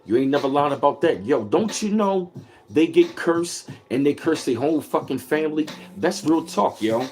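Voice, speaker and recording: A man's voice: a little high, lively intonation, normal speed, a little mellow, a little hiss or hum. A man hosting a casual livestream, talking emphatically and repetitively with heavy swearing, greeting chat viewers by name. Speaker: livestream host reading chat.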